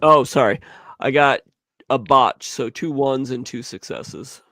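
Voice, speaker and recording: A man takes his turn in a tabletop game, speaking slowly and deliberately. His questions come out measured, and the sound is dry and close. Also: mid-range voice, pushed and bright, no room sound. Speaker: player.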